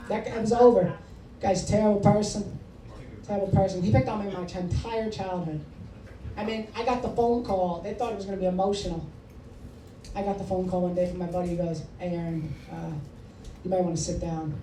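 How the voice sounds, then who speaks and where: A male stand-up comic with a fairly high voice, swearing freely and needling the crowd. He sounds far from the mic in a reverberant room. A steady layer of noise sits under his set. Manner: brash, profane, teasing the audience. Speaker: stand-up comedian. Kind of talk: stand-up comedy with crowd work. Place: comedy club with a live audience. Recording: echoey room, distant mic, noisy.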